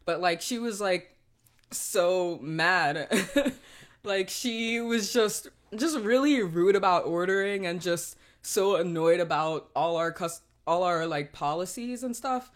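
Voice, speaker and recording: A woman's voice: lowish voice, slow. A young woman in a casual chat, telling work stories in a rambling way, full of fillers and giggles.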